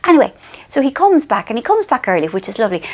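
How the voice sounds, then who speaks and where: A woman's voice: on the high side, sing-song, quick pace. A middle-aged Irish woman telling a rambling, self-mocking story in a casual monologue. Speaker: author and vlogger.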